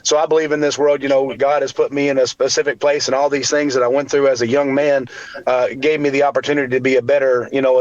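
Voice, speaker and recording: A man in his forties, appearing as a guest, earnestly tells his personal story with his faith woven through it, acting out what other people said. His voice is mid-range and the sound is lo-fi.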